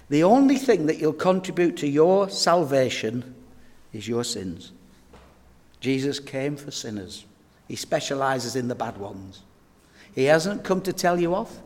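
A man preaches a sermon, telling stories and turning straight to his listeners. His mid-pitched voice carries a long echo through a hall. He keeps the delivery direct and conversational. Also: darkish tone. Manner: storytelling, direct address to the audience.

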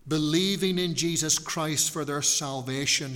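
Man preaching slow and earnest in a church, stretches words for emphasis, long hall echo. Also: medium pitch, a bit bright. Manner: earnest, emphatic preaching with repetition and slowed stresses. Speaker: pastor. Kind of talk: sermon.

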